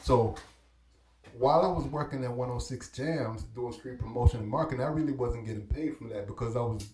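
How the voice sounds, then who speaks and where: A man's voice: medium pitch, fairly quick, reverberant. A middle-aged man with a Belizean-Caribbean accent telling stories in casual street slang, and acting out the people he quotes. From Belize and New York. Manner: laid-back street slang, acts out quoted dialogue. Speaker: guest. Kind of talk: casual storytelling.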